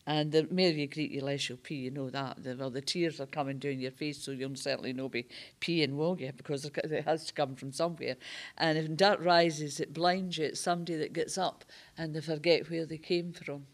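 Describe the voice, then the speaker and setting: A woman with a Scottish accent, recalling family sayings in a lively, laughing way. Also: deep voice, brisk, hardly any pauses. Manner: lively, laughing through the telling. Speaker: reminiscence group member. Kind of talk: casual storytelling.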